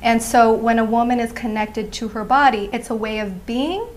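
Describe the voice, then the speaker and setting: Calm woman guest, faint background hum. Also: fairly high pitch, moderate pace. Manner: calm, affirming, repeats "absolutely". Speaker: guest, sensuality teacher. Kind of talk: interview answers.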